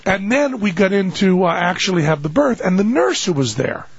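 A man's voice: high-pitched, very animated, normal speed, breathy edge, no echo, highs cut off. A man hosting a podcast, telling comic stories in a wry, exasperated way and slipping into put-on voices. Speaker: podcast host.

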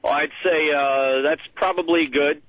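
A man calling in to a radio show, making dry jokes in a deadpan way over the phone. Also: fairly high pitch, measured pace, dry recording, highs cut off. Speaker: caller. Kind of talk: call-in radio chat. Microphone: telephone.

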